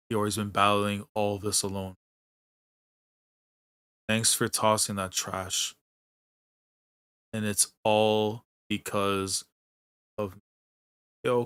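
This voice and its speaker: A male host reads through a manga and reacts emotionally, slangy and excitable, veering from muttered dismay to loud outbursts. His voice is lowish with a clean tone.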